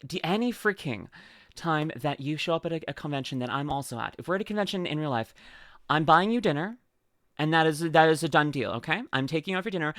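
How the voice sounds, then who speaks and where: A young woman streaming as she reacts to videos, gushing, swearing freely and squealing with excitement. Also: sits low, fast, dry recording, studio quality. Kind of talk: casual live-stream chat.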